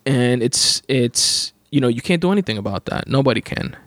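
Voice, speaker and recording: A man's voice: medium pitch, expressive, moderate pace, a bit bright, no echo. A young man with a full-time job talking casually through self-help advice, rambling with many restarts and fillers. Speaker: podcast host reading his own writing.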